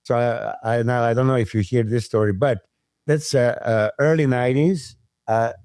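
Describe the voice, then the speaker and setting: A man, a podcast guest telling stories in casual chat, animated, swearing freely and acting out what others said. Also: mid-range voice, moderate pace, no room sound, studio quality. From Serbia. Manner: animated storyteller who swears freely and acts out quotes. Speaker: podcast guest, former pro bodybuilder.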